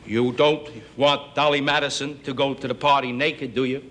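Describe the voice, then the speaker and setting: An actor playing a pushy, fast-talking male merchant with a salesman's wheedling patter in a 1960s TV comedy sketch. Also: medium pitch, little pitch movement, fairly bright tone, lightly acted. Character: pushy, wisecracking male merchant haggling over goods. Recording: noisy 1960s broadcast audio.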